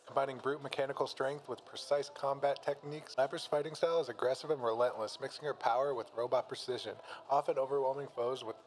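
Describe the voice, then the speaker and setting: A man's voice: mid-range voice, fairly even intonation, quick pace, hardly any pauses, slight background noise, low-quality recording. A man casually reads battle narration aloud, laughing often and making jokey asides. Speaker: streamer reading a fan-made battle story.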